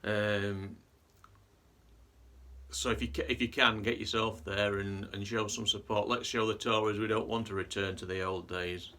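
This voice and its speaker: A man's voice: lowish voice, steady tone, normal speed, pushed and bright. A man vlogging in a casual monologue, earnest and rambling with frequent restarts.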